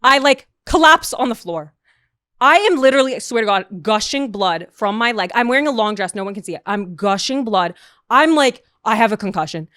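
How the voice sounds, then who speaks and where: A young woman sits in a podcast studio, recounting a story with animated energy. Her voice sits a little high and is recorded close and dry. She acts out other people with quoted voices and adds sound effects. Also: a little fast, no echo. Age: young adult. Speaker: podcast guest. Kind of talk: casual storytelling.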